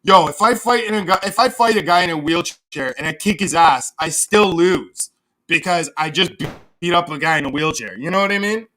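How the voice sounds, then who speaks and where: A man's voice: fairly high pitch, moderate pace, bright, forceful tone. A man hosting a livestream, ranting sarcastically and with lots of swearing while reading chat aloud. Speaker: livestream host. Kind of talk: casual livestream rant.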